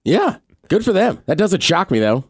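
Laid-back male co-host, lively pitch. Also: normal speed, husky, dry recording. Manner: short reactive replies, dry banter. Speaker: podcast co-host. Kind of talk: casual chat.

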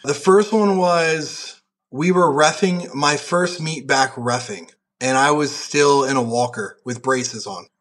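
A man's voice: a little high, takes it slowly, a bit bright. A young man, a powerlifter, telling stories on a podcast in a rambling, profane way, full of "like". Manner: profane, rambling, heavy use of "like". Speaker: podcast guest, powerlifter and referee. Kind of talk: casual podcast chat.

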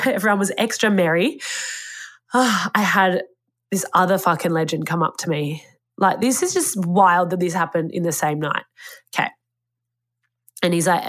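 A woman, telling a personal story in a candid, rambling way and swearing freely. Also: fairly low pitch. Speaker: podcast host. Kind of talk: casual storytelling.

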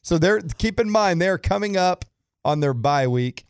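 A man co-hosting sports talk radio, chatty and excitable. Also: high-pitched, a little slow, smooth, dry recording, studio quality. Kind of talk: casual sports radio banter.

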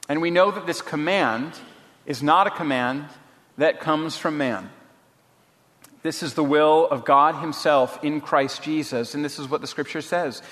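A man delivers an earnest, measured sermon, then reads a book passage aloud. His voice sits slightly high and rings through a hall with a long reverb tail. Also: a bit bright. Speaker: pastor.

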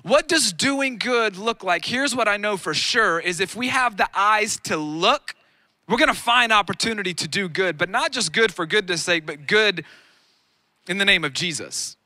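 A man in his thirties preaching a sermon on a lawn, energetic and conversational with self-deprecating humor. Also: high-pitched, moderate pace, dry recording. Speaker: pastor. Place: outdoor lawn gathering.

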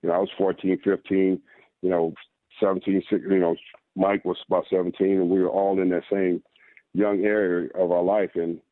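Very deep-voiced man on a phone line. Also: level tone, moderate pace, dry recording. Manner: earnest, repeats words while telling a story. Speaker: guest author. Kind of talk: personal testimony storytelling.

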